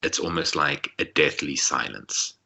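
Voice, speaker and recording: A man's voice: a bass voice, unhurried, vocal fry, bright, forceful tone, breathy edge. A man narrating as game master in a tabletop game, rambling with many fillers.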